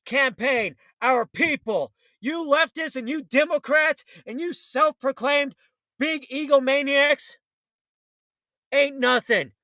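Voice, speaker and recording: A man's voice: very high-pitched, bright, forceful tone, dry recording. A man hosting a political talk show, ranting in a fiery, blunt, combative way.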